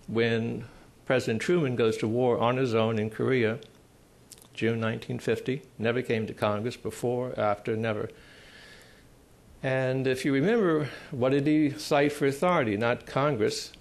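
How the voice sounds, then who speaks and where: A man speaking at a conference panel on constitutional law. He explains in a measured way, pausing often, with dry, emphatic asides. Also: mid-range voice, gravelly. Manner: measured, explanatory, with frequent pauses.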